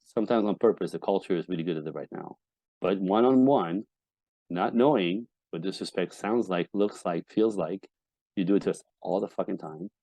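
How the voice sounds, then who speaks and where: Man, relationship coach on a podcast, low dark voice, blunt and swearing, dry close sound. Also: moderate pace, no room sound. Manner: blunt and emphatic, swears often; acts out quoted voices of wives and husbands. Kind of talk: candid podcast interview.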